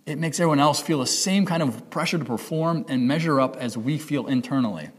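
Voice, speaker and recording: This pastor preaches briskly in a fairly high-pitched voice, with a long reverb tail. Speaking conversationally, he corrects himself along the way and acts out the voices in people's heads.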